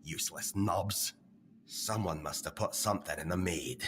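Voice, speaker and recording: A man's voice: deep voice, normal speed, fairly bright tone, a little hiss or hum. An actor playing a brash, battle-hardened male warrior prisoner in a video game, with a Scottish accent and coarse, swearing speech. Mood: boastful.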